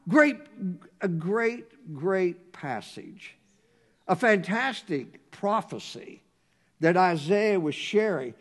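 A man preaching a sermon, reading scripture slowly and swinging from hushed tones to loud emphasis. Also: sits high, expressive. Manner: reads scripture in a slow, measured cadence.

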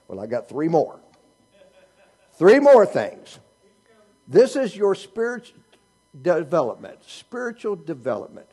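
Husky, lively preacher man. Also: on the high side, a little slow. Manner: animated preaching, rhetorical questions, teasing humor. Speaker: pastor. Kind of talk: sermon.

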